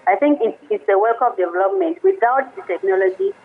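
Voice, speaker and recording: Woman, phone-line sound, halting restarts, radio guest. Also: a little high, big pitch swings, a little hiss or hum. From Nigeria. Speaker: guest, women's rights lawyer.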